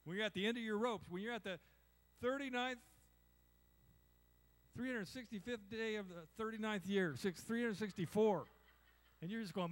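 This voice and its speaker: Speaking at a moderate pace with long pauses, this pastor has a high-sitting voice. He's an older man giving a chatty sermon, doing small character voices and checking in with "amen?"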